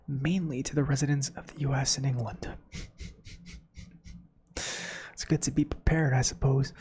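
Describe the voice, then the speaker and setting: A man hosting a soft-spoken ASMR reading of facts, softly whispering with chatty asides. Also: mid-range voice, gravelly. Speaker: ASMR host.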